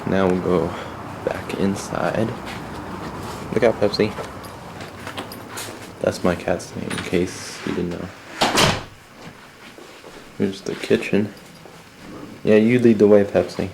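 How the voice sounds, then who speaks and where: Speaking slowly in a low, steady, creaky voice with frequent pauses, a man gives a rambling handheld tour of the family house, indoors and out in the garden, adding wry asides. It was captured on a 1990s camcorder's built-in mic, and the audio is noisy.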